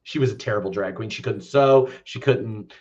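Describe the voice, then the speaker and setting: A man's voice: fairly low pitch, normal speed, a little mellow, highs cut off. A man co-hosting a podcast, chatting casually about a film in a loose, rambling way and swearing freely. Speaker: podcast co-host.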